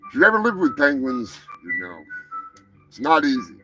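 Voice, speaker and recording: A man's voice: mid-range voice, wildly swooping pitch, moderate pace, music in the background, low-quality recording. A man hosting a crude comedic news show, brash, profane and mock-grandiose. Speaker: host.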